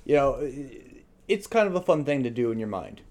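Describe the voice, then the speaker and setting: Relaxed male podcast co-host, with an animated pitch and easygoing back-and-forth replies. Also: fairly quick. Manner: laid-back, agreeable, short replies. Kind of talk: casual podcast chat.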